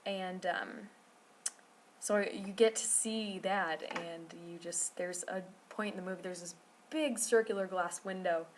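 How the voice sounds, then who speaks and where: A woman's voice: lowish voice, steady tone, a little slow, noisy background. A woman telling a rambling travel story to camera, full of fillers and restarts. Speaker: vlogger.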